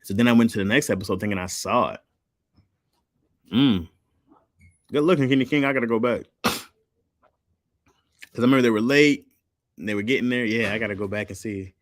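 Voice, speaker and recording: A man's voice: on the low side, fairly quick, pauses often, no room sound, studio quality. A man streaming live, chatting casually in loose slang and answering chat. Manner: loose slangy talk, reads chat aloud.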